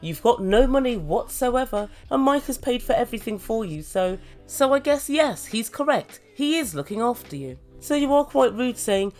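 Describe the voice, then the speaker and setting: Woman, higher voice, sarcastic mocking recap, light music behind. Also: big pitch swings, moderate pace, hardly any pauses, a little mellow. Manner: sardonic, mocking, swears freely. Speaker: reality TV reviewer.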